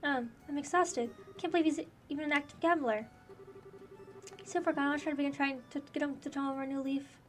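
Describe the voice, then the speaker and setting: Chatty high-voiced woman streamer. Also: fairly even intonation, a little fast. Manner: chatty, emotional. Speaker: gaming streamer. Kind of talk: casual let's-play commentary. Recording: faint game music behind.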